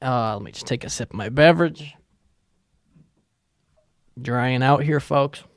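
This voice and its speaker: Gravelly, profane podcast host. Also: male voice, mid-range voice, measured pace, no echo, clean studio sound. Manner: profane, rambling, mocking. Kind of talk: casual solo podcast rant.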